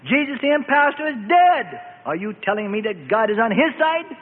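A man voicing a proud, raging king who shouts his orders slowly and heavily. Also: high-pitched, expressive. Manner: shouting, bellowing, slow and drawn-out. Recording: phone-like band with long reverb and faint noise.

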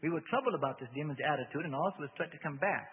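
A man's voice: fairly high pitch, very fast, slightly rough. A male preacher giving a sermon, emphatic and repetitive, often restarting his sentences. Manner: emphatic, repeating himself, frequent restarts. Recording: tinny radio broadcast with long hall reverb.

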